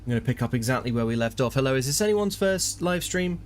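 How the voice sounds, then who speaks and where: A man's voice: medium pitch, expressive, quick pace. Jokey man live-streaming a game. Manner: jokey, mock-grandiose. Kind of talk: casual live stream commentary.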